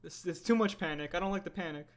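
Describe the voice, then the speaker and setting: High-voiced chatty male streamer. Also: quick pace. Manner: rambling, self-correcting, chatty. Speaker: stop-motion animator livestreamer. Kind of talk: casual livestream chat while working.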